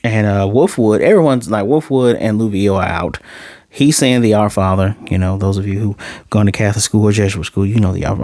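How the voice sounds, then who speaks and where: A man in his late thirties talks through an episode review in a relaxed, meandering way. He keeps stopping to correct himself and drifts into side remarks. His voice sits on the low side, and it is recorded dry and close. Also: normal speed, no echo. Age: 30s. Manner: rambling, self-correcting, chatty asides. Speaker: anime reviewer. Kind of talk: casual spoken review.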